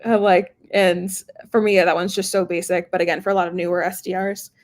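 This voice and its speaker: Woman in her 30s, sales exec guest, lively and quick to laugh, acts out calls. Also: lowish voice. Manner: animated, laughs often, acts out quoted calls. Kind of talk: casual interview chat.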